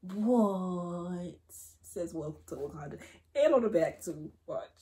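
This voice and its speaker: A teenage girl unboxing gifts in a casual vlog, excitable and gushing, swinging from loud exclamations to hushed gasps with slangy chatter. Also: lowish voice, a little slow. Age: teens. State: tearful at moments. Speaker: vlogger.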